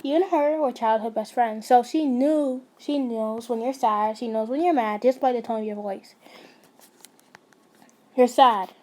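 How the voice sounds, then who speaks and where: A woman's voice: on the high side, moderate pace, hardly any pauses, dark tone. A young woman narrating a fan fiction story casually, stumbling and restarting, with chatty asides to her listeners.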